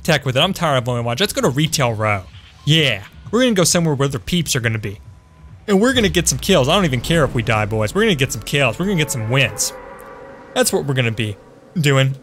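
A man's voice: medium pitch, big pitch swings, fast talker, a bit bright, a little hiss or hum. A young man casually commentating his game for a live stream at home, chatty, calling his viewers "boys" and answering chat. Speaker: gaming streamer. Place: home room.

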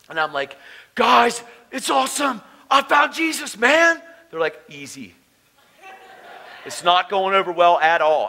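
A man's voice: sits high, pushed and bright. A man preaching a testimony at a conference, telling his story in a casual, slangy way. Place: conference hall.

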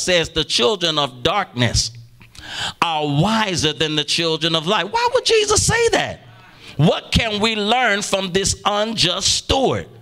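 A man preaching a sermon as pastor in a church, calling on the congregation to answer back and rising into shouts. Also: sits high. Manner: preaching with call-and-response, bursts into shouting. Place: church sanctuary.

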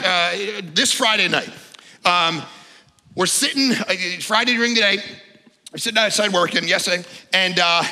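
A man preaching a sermon, telling a story with lively energy, sometimes shouting and sometimes dropping low. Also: vocal fry, long reverb tail. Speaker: pastor.

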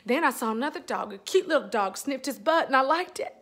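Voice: high voice, lively intonation, fairly quick, fairly bright tone, exaggerated voice. Performer doing a giggly church lady. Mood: chatty. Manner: gossipy and giggly, dramatic confessional storytelling. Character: giddy middle-aged Southern church lady on social media. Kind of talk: comic character monologue.

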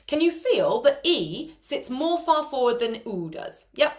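A woman's voice: high-pitched, big pitch swings, a little slow, a bit bright. A woman leading an online singing class from home over a video call, chatty and encouraging. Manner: encouraging, chatty, demonstrates sounds. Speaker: choir singing teacher. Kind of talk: online vocal warm-up lesson.

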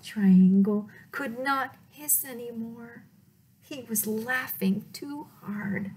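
A woman reads a picture book aloud to children in a slightly high voice, taking her time over every word. She keeps the telling playful and now and then sinks into a dramatic whisper. Faint background noise sits under the reading. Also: takes it slowly, darkish tone. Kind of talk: storytime read-aloud.

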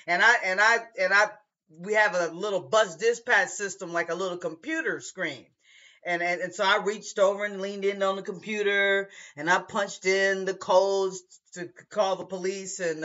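A woman's voice: mid-range voice, fairly even intonation, moderate pace, sharp tone, dull audio. A woman who drives a bus, telling a casual story with many restarts and asides. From Portland, Oregon, US.

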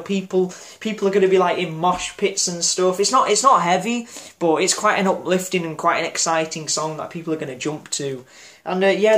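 A man's voice: high-pitched, a bit bright. A man giving a casual album review vlog, enthusiastic and rambling, with lots of fillers and restarts. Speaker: music reviewer.

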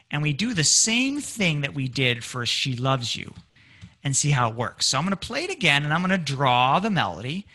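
A man giving a public music lecture, animated and acting out lyrics in dramatic voices for his audience. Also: fairly high pitch. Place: community presentation room.

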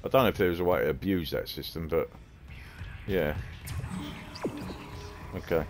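Cockney bloke streaming a game, low voice, rambles and mutters, bit of music behind. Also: male voice, moderate pace. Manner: rambling, chatty, mutters to himself. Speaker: gaming streamer. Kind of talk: casual gameplay commentary. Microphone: headphones on, streaming setup.

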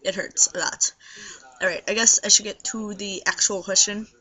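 A young trans man with a high voice and a scratchy throat, rambling tiredly to the camera in a casual video diary. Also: steady tone, normal speed, pushed and bright, breathy edge. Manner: rambling, tired, many fillers. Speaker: video blogger. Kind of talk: casual vlog monologue.

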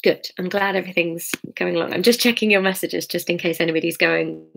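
A woman's voice: lowish voice, steady tone, a little fast, gravelly, hardly any pauses, a bit bright. A woman reads her own novel to a live audience. She narrates expressively and breaks off for giggly, chatty asides to her listeners. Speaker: author reading her novel.

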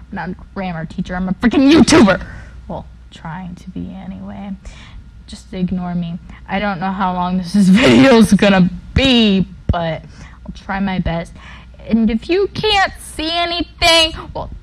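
A woman giving casual, playful commentary while playing a video game. She jumps between loud outbursts and mumbled asides. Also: medium pitch, rough recording. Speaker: gaming YouTuber. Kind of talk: casual let's-play commentary.

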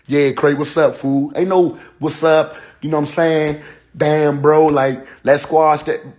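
A man's voice: fairly high pitch, animated, normal speed. A young man on a phone livestream, joking in an exaggerated, repetitive rant and laughing between lines. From Ohio. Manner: laughing, exaggerated mock despair, repeats lines. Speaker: internet personality. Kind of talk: joking live-stream rant.

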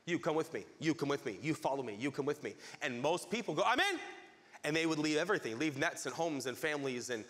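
A man preaching a sermon as pastor, telling a story with lively acted-out crowd voices. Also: on the high side, fast talker, hardly any pauses, big-room sound.

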